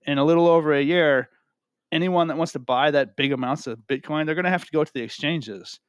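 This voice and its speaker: A man's voice: on the high side, a little fast, clean tone, no room sound, studio quality. A man giving casual, rambling talk to camera from home, often asking "right?" and repeating himself. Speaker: crypto video host. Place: home room with a cat.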